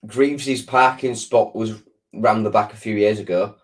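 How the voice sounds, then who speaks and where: A fairly low-voiced man talks loosely on a live stream, his throat sore. He rambles, stops and restarts, and answers viewers in a casual way. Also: normal speed. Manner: rambling, lots of restarts and ums. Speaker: football fan channel host.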